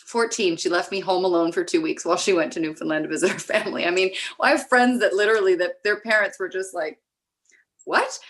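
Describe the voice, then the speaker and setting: Candid Canadian woman, lowish voice. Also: a bit bright. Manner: reflective, halting, many restarts. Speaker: guest, recovery advocate. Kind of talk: candid personal conversation.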